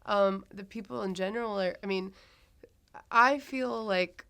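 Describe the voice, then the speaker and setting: A woman's voice: medium pitch, measured pace, vocal fry, a bit bright. A woman, chatting casually as an interview guest in a rambling, self-deprecating way. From Ohio, USA. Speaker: actress guest.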